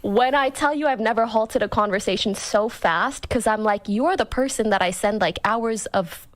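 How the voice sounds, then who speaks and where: A woman's voice: on the high side, moderate pace. A woman casually telling a story in an exasperated way.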